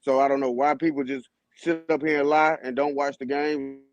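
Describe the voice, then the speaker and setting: A man on a basketball podcast panel, arguing his side in casual heated debate with quick comebacks. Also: mid-range voice, little pitch movement, dry recording, highs cut off.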